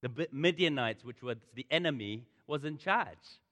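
A man's voice: mid-range voice, lively intonation, moderate pace, a bit bright. Aussie guy preaching, fired up, says things over and over, echoey big hall. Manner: impassioned, repeats phrases for emphasis. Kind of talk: sermon. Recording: long reverb of a large hall.

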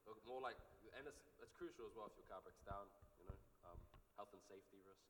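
A man's voice: fairly low pitch, quick pace. A young man telling a family story in a casual, rambling way, often laughing and restarting his sentences. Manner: rambling, laughing, self-interrupting. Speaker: son in a family discussion. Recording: echoey room with noise.

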